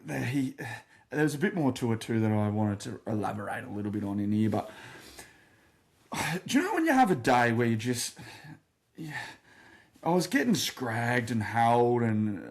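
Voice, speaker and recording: An Australian man sits at the mic swapping footy stories with his mates. He tells them in an animated way, throwing himself into the quotes and laughing along. His voice sits at a middle pitch for a man. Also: moderate pace, pauses often. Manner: animated yarn-spinner, quotes others loudly, laughs through stories. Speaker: podcast co-host. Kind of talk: casual storytelling chat.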